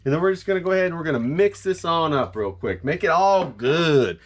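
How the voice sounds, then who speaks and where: A man's voice: a little high, big pitch swings, quick pace. Boastful jokey man with a drawl. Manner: boastful, jokey, hypes up the viewers. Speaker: home cook, vlog host. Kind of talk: comedic cooking vlog. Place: home kitchen.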